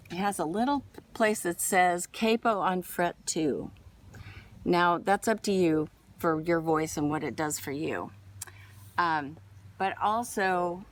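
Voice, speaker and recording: Slow, chatty woman teaching guitar. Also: on the low side, slight background noise. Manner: chatty, rambling explanations with fillers. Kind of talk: casual guitar lesson. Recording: guitar playing behind her.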